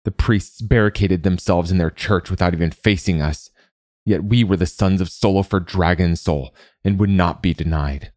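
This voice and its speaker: A man's voice: low voice, moderate pace, dry recording, studio quality, natural voice. A man voicing a proud, ashamed young male warrior who speaks tensely and defiantly in a storybook reading. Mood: grim. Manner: tense, defiant, sometimes shouting.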